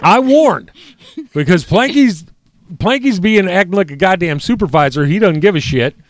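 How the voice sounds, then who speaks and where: A middle-aged man hosting a casual chat show, loud, profane and excitable as he tells stories. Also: high voice, moderate pace, no room sound. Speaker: podcast host.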